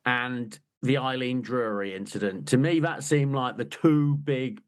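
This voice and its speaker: A man co-hosting a football book podcast, talking in a relaxed, chatty way. His humour is dry and wry, and he teases his subject and his co-host. His pitch sits in an ordinary middle range. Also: unhurried. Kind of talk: casual chat.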